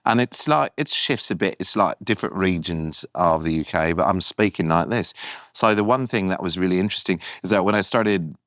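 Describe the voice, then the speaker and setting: A man's voice: low-pitched, brisk, fairly bright tone, no echo, studio quality. A man, a comedian guest on a podcast, talking casually and earnestly, often restarting and trailing off mid-phrase.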